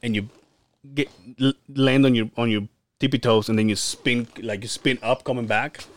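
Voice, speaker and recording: A man co-hosting a podcast, telling stories in an animated, profane way and laughing often. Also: mid-range voice, moderate pace, no room sound. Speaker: podcast co-host. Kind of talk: casual storytelling chat.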